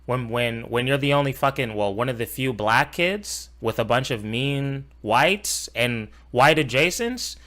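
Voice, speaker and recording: Loud, mocking young male streamer. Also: medium pitch, lively intonation, a little slow, few pauses. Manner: profane, sarcastic, mocking. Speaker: streamer reacting to a video. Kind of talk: casual reaction commentary.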